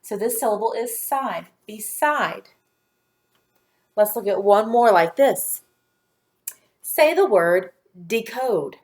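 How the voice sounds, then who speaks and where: Slow, patient woman teaching phonics. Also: mid-range voice, expressive, darkish tone. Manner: slow, clear, patient teacher voice, segmenting sounds. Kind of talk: phonics lesson for young children.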